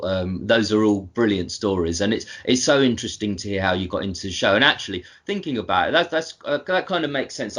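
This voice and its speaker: Husky British man, rambling podcast chat. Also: mid-range voice. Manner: rambling, self-correcting, teasing. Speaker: podcast co-host.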